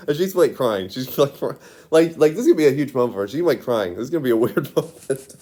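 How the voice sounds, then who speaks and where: Man, giggly, rambling, casual monologue, lots of filler words, mid-pitched voice. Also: expressive, normal speed, long pauses, warm tone.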